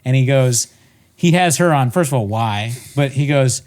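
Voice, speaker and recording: A man co-hosting a podcast, chatting in a loose, rambling way. He swears freely and breaks into laughter often. His voice sits at an ordinary middle pitch. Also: lively intonation, normal speed, darkish tone, clear, resonant tone. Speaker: podcast co-host. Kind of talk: casual chat.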